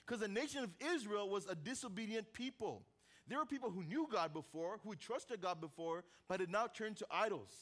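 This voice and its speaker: A young adult man preaching a sermon, telling a story with lively swings between loud and hushed delivery and casual joking asides. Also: high-pitched, fairly quick. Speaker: pastor.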